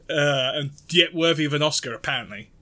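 A man's voice: fairly high pitch, fairly even intonation, moderate pace, pushed and bright. A man co-hosting a podcast in casual chat, theatrical and laughing often, with some swearing. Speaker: podcast co-host.

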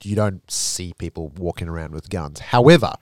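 A man's voice: low voice, lively intonation, moderate pace, a little mellow, dry recording, studio quality. A man from Africa, co-hosting a casual podcast and speaking emphatically. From South Africa. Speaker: podcast co-host. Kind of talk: casual chat.

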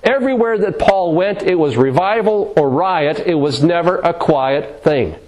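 A man preaching with real fire, his voice sitting a little high and swinging widely up and down. He acts out the scripture he quotes, sometimes slowing right down for weight and sometimes pushing forward. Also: animated, a little mellow. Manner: passionate, dramatic, voicing scripture with shifting tone. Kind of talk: sermon.

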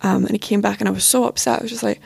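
A young podcast guest tells a personal story very fast, her medium-pitched voice steady and darkish, with vocal fry and a breathy edge. She sounds candid and hesitant, using plenty of "like" and "you know."

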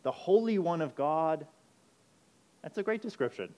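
A man preaching a sermon, emphatic, moving between urgent loud passages and quiet intense ones. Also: fairly high pitch, lively intonation, moderate pace. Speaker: pastor.

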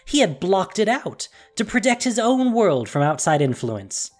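A narrator reading a fantasy story aloud in an expressive, dramatic storytelling manner. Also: mid-range voice, unhurried, faint music behind. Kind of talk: scripted audiobook narration.

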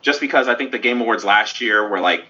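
Bright husky man ranting on a podcast. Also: fairly low pitch. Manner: animated, ranting, quick asides. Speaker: podcast co-host. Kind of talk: casual chat. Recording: dull lo-fi audio.

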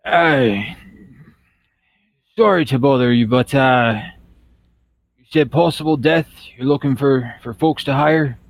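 A man's voice: mid-range voice, slow, gravelly, long pauses, pitched above the performer's own voice. A man voicing an aging, white-bearded male dwarf mercenary who speaks politely and hesitantly. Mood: weary.

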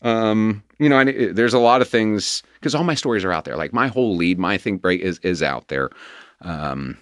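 A man with a fairly deep voice that rises and falls a lot as he talks. He tells his story openly and pokes fun at himself. The sound is dry and close, with no room around it. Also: moderate pace, no echo. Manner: animated, open and self-deprecating. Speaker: guest. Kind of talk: candid conversational storytelling.

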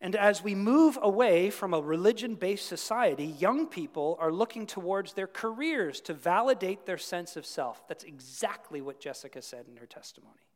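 A male pastor with a fairly high voice gives a sermon in a church. He talks in a conversational, animated way and keeps turning aside to address his congregation directly. His voice carries the long reverb of a large hall. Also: normal speed, hardly any pauses.

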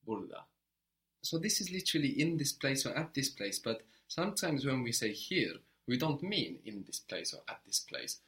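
A man's voice: mid-range voice, sing-song, normal speed, a bit bright. A man teaching a language lesson, patiently prompting a learner and giving short praise.

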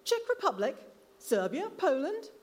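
A woman's voice: sits high, big pitch swings, a little slow, pitched above the performer's own voice. Woman doing a blustering, taunting old gardener. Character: grumbling, goading retired male gardener. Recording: live reading in a reverberant hall.

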